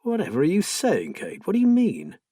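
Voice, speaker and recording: A man voicing a strained, defensive middle-aged husband in an audiobook, coaxing and exasperated in turn, with a husky voice. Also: high voice, wildly swooping pitch, brisk, warm tone, no echo, clean studio sound, voice pushed up, exaggerated voice. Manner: pleading, then tense and exasperated.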